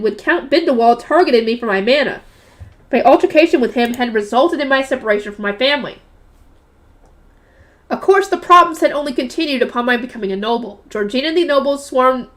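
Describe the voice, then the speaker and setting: A young woman reading a novel aloud and breaking off into chatty, loud reactions and questions to her audience. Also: high-pitched. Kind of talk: book reading with casual commentary.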